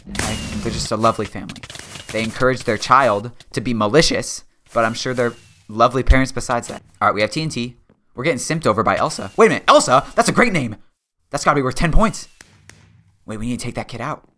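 A man's voice: medium pitch, lively intonation, quick pace, sharp tone. Joking young man narrating his game.

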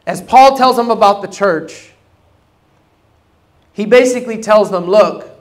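Delivering a sermon, this pastor speaks a little slowly with long pauses and a casual, slang-filled style. He performs the voices he quotes and moves from loud outbursts to low asides.

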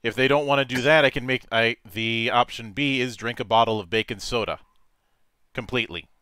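A man hosts a relaxed interview, his voice bright and forceful with a smooth, crisp edge. The sound is dry and close. He jokes and tells little stories between his questions. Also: medium pitch, a little fast, no echo. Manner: joking, storytelling. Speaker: interview host, game master. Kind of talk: casual interview chat.

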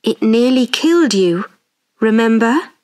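Brief: woman reading a gentle, reassuring male lawyer, slow and calm. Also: a little high.

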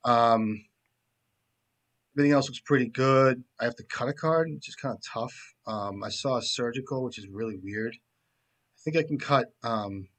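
A man giving casual, profane commentary while he plays a card game, joking around and often trailing off into low mumbles. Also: normal speed, fairly bright tone.

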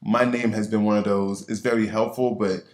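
A man with a Nigerian accent talks on a panel in an echoing hall. His voice sits low. His storytelling is lively and playful, full of rhetorical asides. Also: normal speed. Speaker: orthopaedic surgeon. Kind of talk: panel discussion. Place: symposium lecture hall. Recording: echoey conference hall on a mic.

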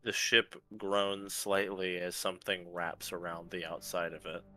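A man narrates a tabletop game as game master, relaxed and matter-of-fact with the odd filler. His voice is low yet very bright, with faint music underneath. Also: unhurried, no echo.

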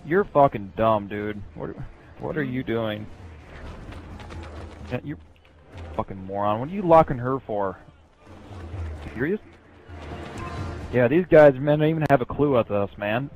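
A young man swears constantly as he mocks the other players and narrates his match. His pitch is an ordinary middle, and faint music plays behind him. He talks like a gamer trash-talking over gameplay. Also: lively intonation, a little slow, long pauses, a little mellow, rough recording. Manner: mocking, swearing heavily, running commentary. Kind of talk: profane gameplay trash talk.

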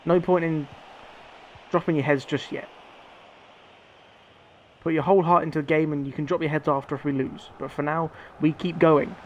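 A young man doing live commentary on a football video game, urging on his players and shouting when they score or miss. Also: on the high side, moderate pace, pauses often, highs cut off, slight background noise. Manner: excitable, shouts at players, swears. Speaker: gaming streamer.

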